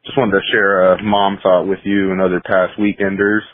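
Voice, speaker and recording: A man's voice: deep voice, level tone, normal speed. A man from San Diego calling in to share a casual story about his mother. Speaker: caller. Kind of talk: phoned-in message. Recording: tinny, husky phone line.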